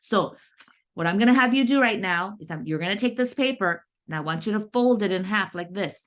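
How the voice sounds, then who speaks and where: A woman's voice: mid-range voice, animated, a little fast. A woman teaching a first grade writing lesson, patient and sing-song, stretching out key words for young children.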